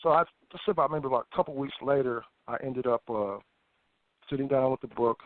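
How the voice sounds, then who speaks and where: A man, a guest on a phone interview, telling a personal story in a lively way, with stammered restarts and acted-out thoughts. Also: mid-range voice, brisk, no echo. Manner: animated, stammering restarts, acts out his own past thoughts. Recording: tinny phone line, dry.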